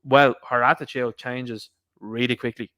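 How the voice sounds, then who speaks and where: A man's voice: medium pitch, fairly even intonation, unhurried, fairly bright tone, dull audio. A man hosting an opinion podcast, ranting and mocking the people he quotes. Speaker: podcast host. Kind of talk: opinion commentary monologue.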